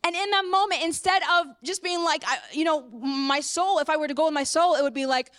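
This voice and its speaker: A woman preacher giving an earnest sermon and personal testimony, moving from hushed to impassioned. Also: sits high, fairly quick. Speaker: apostle and preacher.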